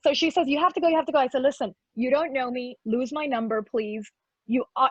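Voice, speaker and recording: Young woman, high husky voice, animated storyteller, slightly dull recording, dry. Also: dry recording. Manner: lively, acts out quoted voices, mixes in Spanish words. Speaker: model telling a personal story.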